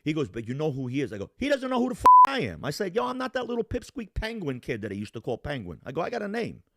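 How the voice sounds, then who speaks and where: A man telling a story in casual talk, profane and animated, acting out the voices of the people in it. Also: a little high, fast talker, creaky. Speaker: storyteller guest.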